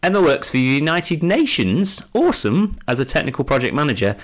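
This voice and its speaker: A man's voice: a little high, big pitch swings, brisk. Upbeat Englishman co-hosting a podcast. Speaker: podcast co-host. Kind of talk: casual podcast chat.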